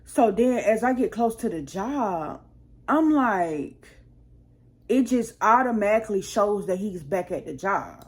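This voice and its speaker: A woman's voice: mid-range voice, lively intonation, unhurried, slightly rough. A woman hosting her own channel, telling a rambling storytime full of profanity and acting out her heated arguments. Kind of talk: casual storytime monologue.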